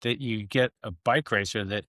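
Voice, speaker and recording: A middle-aged man co-hosting a podcast, reminiscing in a relaxed, easygoing way. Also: on the low side, normal speed, no room sound, studio quality. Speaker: podcast co-host. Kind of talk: casual podcast conversation.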